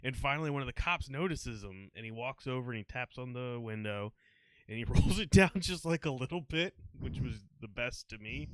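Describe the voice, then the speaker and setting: A man's voice: medium pitch, a little fast, dry recording. A young man from New Jersey, a podcast guest, telling a funny story in casual chat and acting out the quotes. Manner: animated storyteller who acts out quotes and laughs often.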